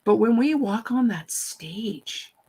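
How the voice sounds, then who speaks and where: A woman telling a story in an animated, casual chat, often repeating her first words. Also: fairly high pitch, slow pace, husky. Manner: animated, repeats words when starting sentences. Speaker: guest speaker.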